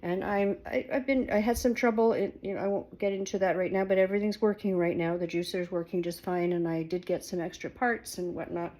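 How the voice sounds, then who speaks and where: A woman vlogger casually walks through her home kitchen, rambling and hesitant, with lots of fillers and restarts. Her voice is fairly low and mellow with a steady tone, and she talks briskly with few pauses.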